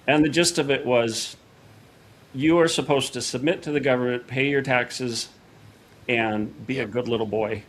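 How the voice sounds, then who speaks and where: A man's voice: mid-range voice, normal speed. Man telling a story with quoted dialogue. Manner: animated retelling with quoted dialogue. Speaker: podcast guest. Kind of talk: casual storytelling.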